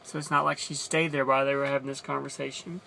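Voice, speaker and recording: A man's voice: medium pitch, little pitch movement, fast talker, creaky, sharp tone, slight background noise. A man casually retelling a Bible story as a teacher, chatty and explaining as he goes.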